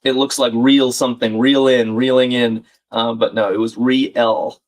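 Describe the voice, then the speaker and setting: This man hosts a live crossword-solving stream, chatting casually as he thinks aloud and reads out viewer comments. His medium-pitched voice keeps a level tone at a normal speed.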